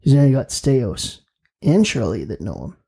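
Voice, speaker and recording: Gravelly, mellow-voiced podcast co-host. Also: medium pitch, wildly swooping pitch. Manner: quick reactions and laughing jabs. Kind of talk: casual sports chat.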